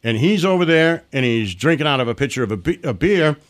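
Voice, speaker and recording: Profane, animated male storyteller. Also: mid-range voice, fast. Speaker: podcast host. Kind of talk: casual storytelling chat.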